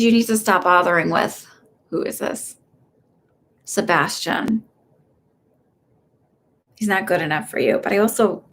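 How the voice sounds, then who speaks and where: A young woman giving live psychic readings in a chatty, hesitant way, full of fillers and restarts. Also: lowish voice. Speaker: psychic medium host. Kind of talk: casual live-stream reading.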